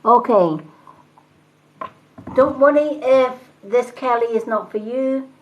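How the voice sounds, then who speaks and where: A woman doing live-stream tarot readings, talking calmly and reassuringly and greeting viewers by name. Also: on the high side, takes it slowly, muffled recording, a little hiss or hum. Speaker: tarot reader and medium.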